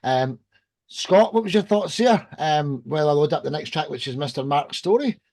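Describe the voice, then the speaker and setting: A man's voice: on the high side, animated, normal speed, gravelly, darkish tone, no echo. A man from the United Kingdom hosting a rock podcast, enthusiastic and loose. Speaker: radio show host.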